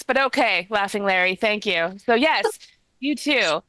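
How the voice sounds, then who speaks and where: A woman's voice: mid-range voice, animated, unhurried, pushed and bright, no echo, low-quality recording. A woman hosting a live comedy show, upbeat and chatty as she thanks viewers and reads out donations. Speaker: show host. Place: comedy club.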